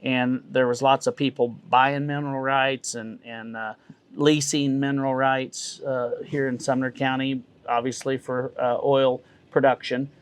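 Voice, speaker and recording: Folksy auctioneer, measured speech. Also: male voice, mid-range voice, flat delivery, clean tone. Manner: measured, folksy, many uh fillers. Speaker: realtor and auctioneer. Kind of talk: interview answers.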